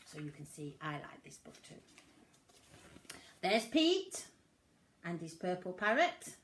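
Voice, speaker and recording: An older woman with a grandmother's manner, animated and expressive, reading a picture book aloud to children. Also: on the low side, slow pace, pauses often, slight background noise. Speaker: storyteller.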